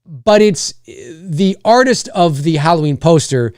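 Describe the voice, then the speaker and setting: A man's voice: on the high side, expressive, a little slow, darkish tone, no echo, studio quality. A man with a Canadian accent hosting a live stream, chatting casually and rambling with lots of fillers and restarts.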